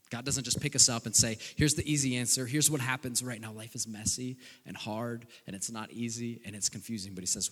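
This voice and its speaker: A man's voice: mid-range voice, fairly quick, a bit bright, slightly rough. A man teaching on a scripture passage in an earnest preaching style, reading verses aloud with emphasis. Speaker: pastor. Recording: long reverb.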